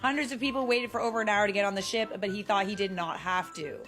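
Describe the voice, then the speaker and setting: A woman hosts casual commentary on short videos in a wry, encouraging manner. Her voice sits at a middle pitch, with faint music behind her. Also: quick pace, a bit bright. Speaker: host reacting to clips.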